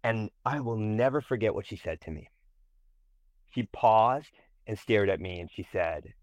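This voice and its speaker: A man with a fairly low voice tells a personal story as an interview guest. He is animated and emphatic and leans hard into key moments. The sound is close and dry, with no room around it. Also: a little slow, no echo. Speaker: guest, tutoring company president.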